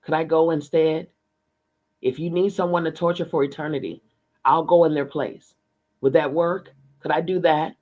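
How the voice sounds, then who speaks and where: A man's voice: a little high, steady tone, moderate pace, a little mellow, natural voice. A man reading aloud, voicing a grieving middle-aged father who pleads with raw emotion. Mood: pleading. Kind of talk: audiobook reading.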